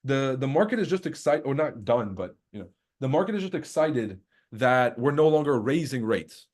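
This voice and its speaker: A man's voice: mid-range voice, animated, moderate pace, a little mellow. A man hosting a live trading stream, ranting casually with heavy profanity, mocking, laughing at his own jokes, then going into market commentary. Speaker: trading livestream host.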